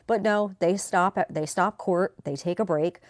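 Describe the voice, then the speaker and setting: A woman recapping a court trial in a chatty, animated vlog style. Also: fairly low pitch, moderate pace, dry recording, studio quality. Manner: chatty, animated retelling with quoted voices. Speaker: true crime commentator.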